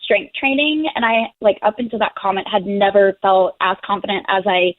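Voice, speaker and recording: A young woman calling in for advice, hesitant and halting, with many ums and restarts, near tears. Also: medium pitch, no room sound. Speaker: caller. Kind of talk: phone-in call. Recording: tinny phone line.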